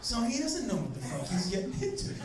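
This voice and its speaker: A middle-aged man doing a stand-up comedy set, telling stories loudly and punchily with plenty of swearing. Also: extremely high pitch, wildly swooping pitch, fast talker, distant mic, a loud crowd. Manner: loud punchy storytelling with profanity. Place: comedy club stage. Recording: echoey stage recording with audience. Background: laughing audience.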